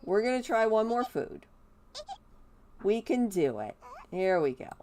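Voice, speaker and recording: Brief: playful woman game commentator, lively pitch, relaxed slow delivery. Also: noisy background. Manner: chatty and playful, gushing over the game's babies. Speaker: gameplay commentator.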